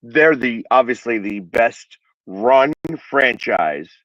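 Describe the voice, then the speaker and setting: A man's voice: medium pitch, expressive, slow, a bit bright, dry recording, highs cut off. Philly-accented man talking football. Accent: Philadelphia. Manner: rambling, many restarts and fillers. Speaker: sports show host. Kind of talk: casual sports talk.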